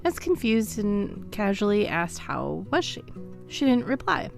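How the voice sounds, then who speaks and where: Creaky-voiced woman reading stories aloud. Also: medium pitch, big pitch swings, unhurried, faint music behind. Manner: laughs often while reading aloud. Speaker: podcast co-host. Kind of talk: casual chat reading listener stories.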